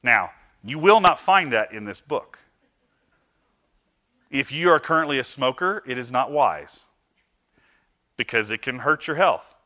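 A man's voice: medium pitch, pushed and bright. A man preaching a sermon as a pastor, talking conversationally and acting out quoted voices. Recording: dull lo-fi sound.

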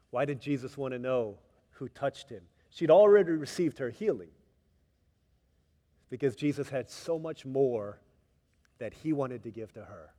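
A man preaching a sermon, telling stories with voices, swinging from hushed tender passages to loud emphatic ones. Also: mid-range voice, lively intonation, moderate pace, big-room sound. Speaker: pastor.

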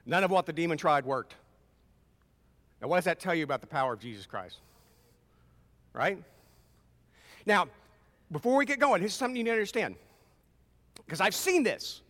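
A man preaching a sermon in a high, bright, forceful voice that swings widely in pitch. He talks conversationally and acts out voices, and the long reverb of a large church hall hangs behind him. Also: sing-song, normal speed, pauses often. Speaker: pastor.

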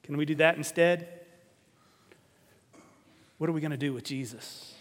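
Male preacher, higher voice, emphatic questioning delivery, echoing hall. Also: unhurried. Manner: emphatic, rhetorical questions, repeats words. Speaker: pastor. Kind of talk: sermon. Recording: long reverb of a hall.

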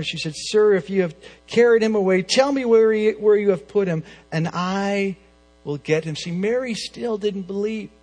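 A man preaching a sermon, swinging between loud emphatic lines and soft hushed phrases. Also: high voice.

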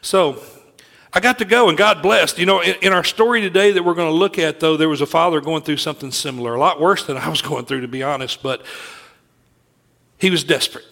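Man, middle-aged, preacher, sermon with personal story, earnest, gravelly, fairly high voice. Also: brisk, bright, forceful tone. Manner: earnest storytelling with frequent restarts.

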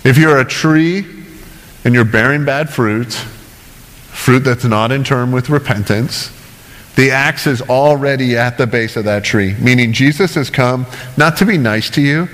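A man preaching a sermon in a relaxed, conversational way, cracking jokes and checking in with the congregation. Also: mid-range voice, a little slow. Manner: conversational, joking, asks "right?" often. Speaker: pastor. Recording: long hall reverb.

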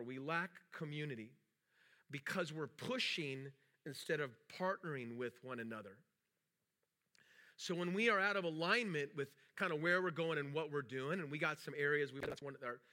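Male pastor, middle-aged, bright and slightly high, loose anecdotal sermon delivery. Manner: rambling storytelling with restarts; acts out quoted dialogue in a raised voice.

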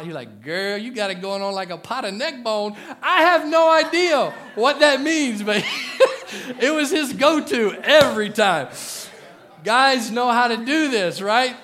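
Joking preacher man, loud then hushed. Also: high-pitched. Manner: joking, animated preaching with big swings in loudness. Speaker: pastor. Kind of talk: sermon.

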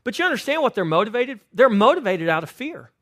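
A high-voiced man preaching from the pulpit in a church. He tells his stories with a lively, swooping delivery. He drops from loud, emphatic lines to near-hushed ones. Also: fast talker, no room sound, clean studio sound. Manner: animated storytelling, swinging from loud to hushed. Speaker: pastor. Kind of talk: sermon. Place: church sanctuary.

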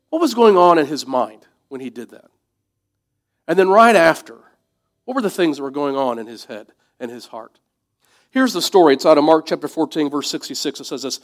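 A man preaching a sermon in a conversational, reflective way, dropping to soft asides. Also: fairly high pitch, very animated, moderate pace. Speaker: pastor.

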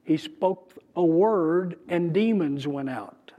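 Male preacher, high voice, talks through scripture conversationally with emphasis. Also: expressive, mellow. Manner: conversational, emphatic, with pauses and restarts. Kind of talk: bible teaching.

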